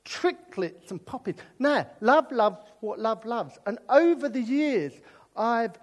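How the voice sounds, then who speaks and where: A man's voice: extremely high pitch, takes it slowly. A British man preaching a sermon, joking through a comic story and then turning earnest. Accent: British English. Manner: animated and jokey, drifting into earnest preaching.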